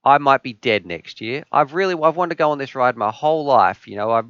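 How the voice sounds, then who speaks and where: A man's voice: mid-range voice, animated, brisk, a bit bright, smooth, dry recording, lo-fi sound. A man voicing an eighty-year-old husband who begs his wife for a helicopter ride. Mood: pleading. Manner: pleading, insistent.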